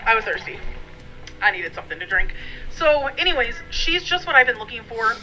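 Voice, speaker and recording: A woman's voice: on the high side, very animated, brisk, bright, forceful tone, faint music behind, low-quality recording. A woman vlogging from her dining room at home, talking in a rambling, friendly way with many fillers. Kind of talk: casual chatty vlog.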